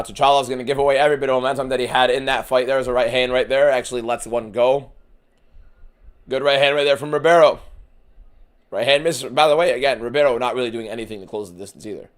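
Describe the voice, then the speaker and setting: A man streaming a fight watchalong, giving casual, profane live commentary that swings from shouting to muttering. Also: medium pitch.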